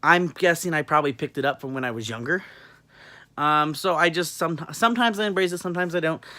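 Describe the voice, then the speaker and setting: A man's voice: fairly high pitch, fairly quick, bright, forceful tone. An English-born man with a New York-tinged American accent, chatting casually as a vlogger, rambling with lots of fillers and cheerful swearing. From England. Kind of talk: casual chat.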